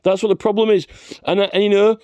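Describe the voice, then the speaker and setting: A man's voice: high-pitched, flat delivery, quick pace, dark tone, clear, resonant tone, dry recording. A man delivering a rambling, profane rant straight to camera, checking in with a constant "right?". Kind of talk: ranting vlog monologue.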